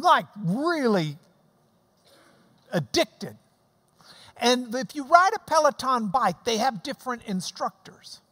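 A pastor preaching a sermon, telling stories and explaining scripture in an animated way and acting out the clapping. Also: mid-range voice. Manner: animated storytelling, mimics clapping. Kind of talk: sermon with Bible teaching. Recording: long hall reverb.

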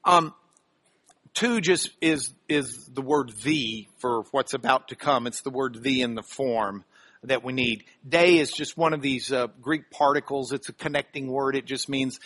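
A man teaching scripture for a radio broadcast, dramatic with sudden loud emphasis and chatty asides asking if listeners follow. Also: medium pitch, unhurried, no echo. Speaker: Bible teacher.

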